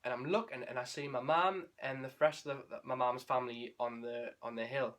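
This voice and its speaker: A man's voice: mid-range voice, fairly even intonation, a little fast, fairly bright tone. Candid man recapping a race. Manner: candid, emotional, rambling with restarts. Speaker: running vlogger.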